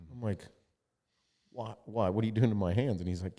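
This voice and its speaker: A man's voice: lowish voice, brisk, dark tone, big-room sound. A man hosting a podcast, telling a story in casual chat and quoting others, with lots of swearing. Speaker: podcast host.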